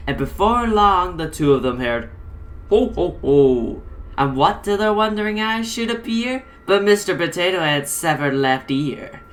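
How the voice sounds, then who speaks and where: A woman reading a rhymed comic story aloud in a crude, profane, ranting manner. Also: low-pitched.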